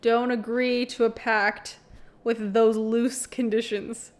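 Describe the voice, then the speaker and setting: A woman's voice: fairly high pitch, level tone, slow. Giggly young woman reading aloud. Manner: giggly, blunt, swears freely. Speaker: book vlogger. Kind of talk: casual reading vlog with commentary.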